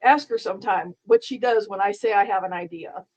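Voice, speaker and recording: A woman's voice: medium pitch, brisk, a little mellow, dull audio. A middle-aged woman streaming live, chatting casually in a dry, sarcastic, rambling way with frequent restarts.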